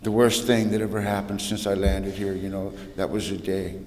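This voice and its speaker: In a deep, level, slightly mellow voice at normal speed, a man in his sixties recounts his recovery to a crowd. His telling is plain, funny, and slangy. There's roomy hall echo and a bit of faint noise.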